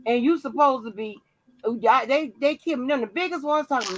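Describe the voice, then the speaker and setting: A woman's voice: high voice, animated, normal speed, sharp tone, low-quality recording. A woman hosting a live chat stream who talks loosely, stammers, and laughs often. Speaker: host. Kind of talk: casual chat.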